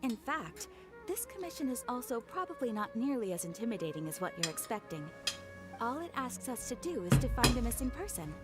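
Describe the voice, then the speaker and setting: Brief: a polite, formal game receptionist, high and lilting, over game music. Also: female voice, sing-song, fairly quick. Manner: formal, courteous. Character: polite adventurers' guild receptionist woman, calm and formal. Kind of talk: game voice acting.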